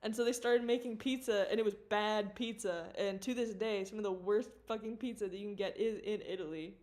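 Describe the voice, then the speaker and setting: A woman with a medium-pitched, slightly mellow voice talks fairly quickly and with fairly even intonation. She animates at her home studio computer while livestreaming, chatting loosely, rambling, giggling and cursing without restraint.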